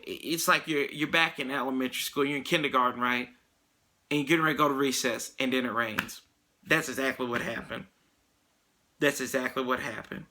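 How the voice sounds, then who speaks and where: A man's voice: mid-range voice, creaky, pushed and bright. A man hosting a sports podcast in casual, rambling talk, joking around with many fillers.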